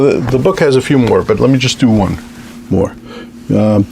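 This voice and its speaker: Gravelly, animated male math lecturer. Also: medium pitch, slight background noise. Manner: lively, repeats "okay" as a check-in.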